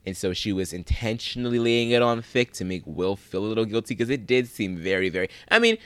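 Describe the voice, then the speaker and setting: A man's voice: fairly low pitch, expressive, fairly quick, clean tone, dry recording. A man co-hosting a podcast, giving frank, opinionated commentary with casual swearing. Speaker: podcast co-host.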